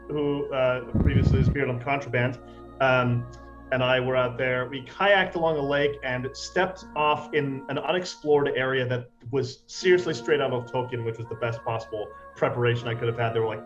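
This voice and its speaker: A man's voice: medium pitch, moderate pace. A man introducing himself as a player in a tabletop game, chatting eagerly. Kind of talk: casual chat. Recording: slightly dull audio with music behind.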